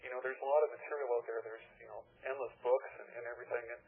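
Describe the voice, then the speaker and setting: A man's voice: mid-range voice, fairly even intonation, very fast, gravelly, slightly rough. A man phoning in to a radio show, talking hesitantly and rambling with many fillers. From Canada. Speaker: caller. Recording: tinny telephone line on radio.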